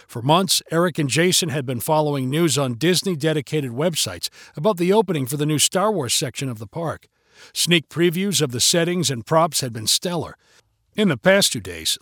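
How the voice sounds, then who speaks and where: A man reads a story aloud in a steady, measured way, his voice sitting a little high for a man. He is on a close mic in a dry, dead space with no room sound. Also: no echo. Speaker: narrator. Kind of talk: storybook narration.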